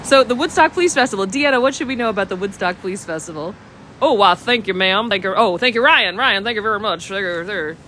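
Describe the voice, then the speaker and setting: A woman's voice: medium pitch, quick pace, pushed and bright, a little hiss or hum. A woman hosting a walking-tour livestream, chatting with viewers' comments, a bit sniffly from a cold. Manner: bubbly, chats with viewers' comments. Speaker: travel livestream host. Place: outdoors on a village street.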